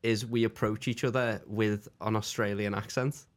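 A man's voice: on the low side, steady tone, moderate pace. A man hosting a podcast in a shed, trading jokes and confessions in casual chat. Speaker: podcast host. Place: shed set up as a podcast studio.

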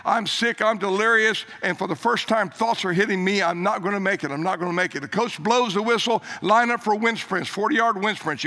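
An older man preaching a sermon, telling a story with emphatic rises and hushed low quotes. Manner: animated, emphatic, drops low for quoted lines.

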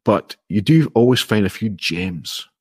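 A man's voice: fairly low pitch, animated, a little slow, darkish tone, breathy edge, dry recording, clean studio sound. A man, an indie app developer, explaining his approach step by step in a friendly, modest way during a casual interview.

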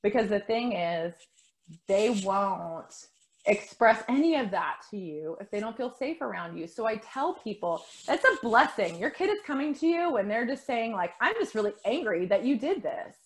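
A middle-aged woman speaking as a coach in a casual conversation, gentle and reassuring, often repeating her words as she goes. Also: a little high, lively intonation, moderate pace.

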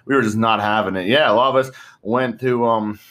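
A young man in his twenties with a fairly low voice chats casually. He rambles and swears freely. He peppers his talk with "bro" and frequent laughs. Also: brisk, fairly bright tone. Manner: profane, rambling, laughs often, says "bro". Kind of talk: casual chat.

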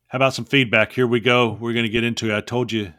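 A man's voice: mid-range voice, level tone, quick pace, fairly bright tone, clean tone, no room sound, studio quality. A man hosting a casual podcast chat, joking and rambling as he reads listener mail. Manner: jokey, rambling. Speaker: podcast host.

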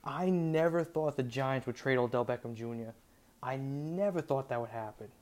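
A young man hosting a solo sports show, talking excitedly about breaking football news, often stammering and restarting his sentences. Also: medium pitch, normal speed. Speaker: sports podcast host.

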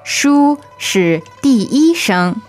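Woman co-host, Chinese native, slow careful phrases, faint music. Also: a little high, very animated, a little mellow. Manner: slow, careful model pronunciation. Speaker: podcast co-host. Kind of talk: language lesson podcast.

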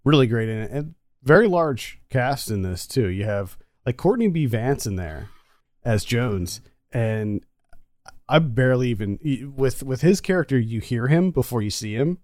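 A man chats through a movie review in a relaxed, talkative way. He laughs easily. His voice sits at an everyday middle pitch and is recorded close and dry, with no room sound. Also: normal speed, no echo. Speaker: podcast co-host. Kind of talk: casual movie review chat.

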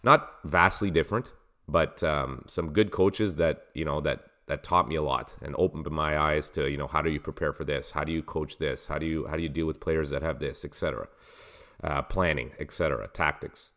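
A man who coaches soccer, calmly explaining his career as a guest in a casual interview. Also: a bass voice. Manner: measured, explanatory.

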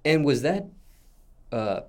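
A man hosting an interview, asking his guest questions in a formal, measured way. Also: fairly high pitch, sing-song.

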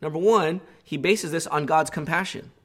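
Earnest preaching man, fairly high voice. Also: moderate pace. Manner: earnest, grows impassioned when voicing the psalmist's pleas. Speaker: pastor. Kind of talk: sermon.

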